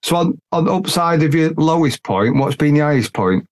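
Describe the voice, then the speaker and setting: A man's voice: on the high side, expressive, moderate pace. A man hosting a casual podcast, talking bluntly and rambling in colloquial speech. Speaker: podcast host.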